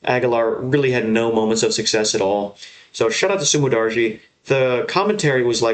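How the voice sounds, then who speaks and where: A man's voice: medium pitch, lively intonation, fast. A young man hosting his own fight recap show, talking bluntly and swearing as he rants. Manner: blunt, profane, heated ranting. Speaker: MMA show host. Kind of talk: solo fight recap rant.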